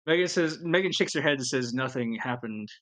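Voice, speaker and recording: A man's voice: medium pitch, expressive, a little fast, fairly bright tone. A man narrating as game master, often restarting his sentences in a reassuring way.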